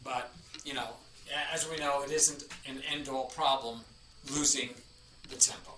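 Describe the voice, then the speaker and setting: A man's voice: mid-range voice, fairly even intonation, moderate pace, sharp tone, slight background noise. A man streaming chess, chatting casually and rambling as he greets chatters by name. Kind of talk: casual live-stream chat. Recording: echoey room, from a distance.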